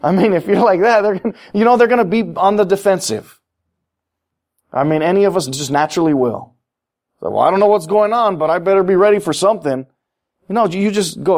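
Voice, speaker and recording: A middle-aged man preaching a sermon, animated, acting out little voices in his asides. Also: sits high, a little fast. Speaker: pastor.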